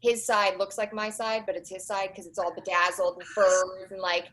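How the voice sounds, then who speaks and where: A woman in her forties, a documentary producer, chatting as a guest on a podcast with animated storytelling and quick asides. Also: mid-range voice, slight background noise, poor audio. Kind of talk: casual interview chat.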